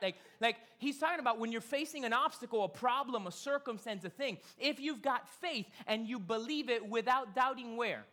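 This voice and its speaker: A man preaches from the stage of a church, his voice bright and forward. He talks to the congregation casually, then slows right down to lean on the key phrases. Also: extremely high pitch, lively intonation. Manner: conversational, emphatic preaching with slowed key phrases. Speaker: pastor. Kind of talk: sermon. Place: church sanctuary.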